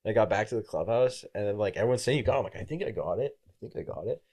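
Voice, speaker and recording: A young man with a very low, mellow voice, spinning a casual story on a podcast. He acts out other people's lines as he goes and swears freely. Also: animated, racing. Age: young adult. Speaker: podcast guest, college baseball player.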